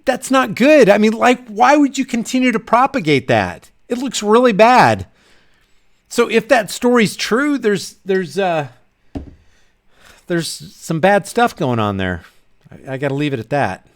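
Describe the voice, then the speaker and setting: Animated, high-voiced rambling male vlogger. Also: a little slow. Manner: rambling, animated, with frequent restarts. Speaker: channel host. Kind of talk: casual livestream rant.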